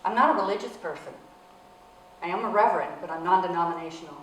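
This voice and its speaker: Casting: earnest woman minister, lowish bright voice, heard from afar in a roomy hall. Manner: earnest, spiritual, measured. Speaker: reverend, speaker. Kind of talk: inspirational talk. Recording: echoey room from far off, faint noise.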